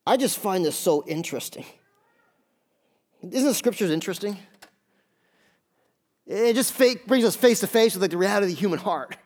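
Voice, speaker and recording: Man, pastor, high voice, animated sermon, rhetorical questions. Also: normal speed, long pauses. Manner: conversational and animated, asks the congregation questions. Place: church.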